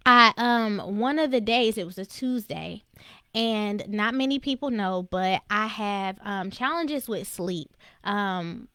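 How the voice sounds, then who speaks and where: A woman's voice: mid-range voice, fairly bright tone, clean tone, dry recording, clean studio sound. A young adult woman telling a personal story with earnest emotion and frequent references to faith, as a motivational speaker for women in business.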